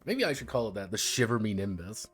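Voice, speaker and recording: A man talks casually on a live stream, wandering from joke to joke and cursing as he goes. His pitch swings up and down a lot, and faint music sits under his voice. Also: sing-song, fast, a bit bright, slightly rough. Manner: rambling, joking, swears freely. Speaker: streamer reviewing a tabletop game book.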